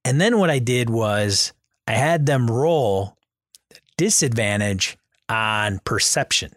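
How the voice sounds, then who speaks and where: Methodical male GM, even mid-range voice, dry recording. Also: medium pitch, takes it slowly, no echo. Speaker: game master. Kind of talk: casual chat about running tabletop games.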